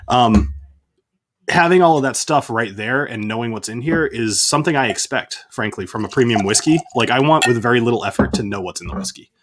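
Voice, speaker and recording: Male host, casual enthusiast, loose filler-heavy delivery, mid pitch. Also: brisk, noisy background. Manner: enthusiastic, chatty, frequent fillers like "like". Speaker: whiskey channel host. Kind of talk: casual conversational interview.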